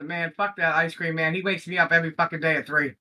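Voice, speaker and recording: A man co-hosting a livestream, loud and profane, often laughing as he talks. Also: fairly high pitch, steady tone, quick pace. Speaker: livestream co-host. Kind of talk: crude joking livestream banter.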